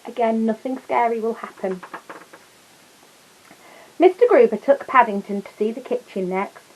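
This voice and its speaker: A woman reading a picture book aloud to children, gently adding little asides for her listeners. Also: a little high, normal speed, a little hiss or hum, poor audio. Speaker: storyteller.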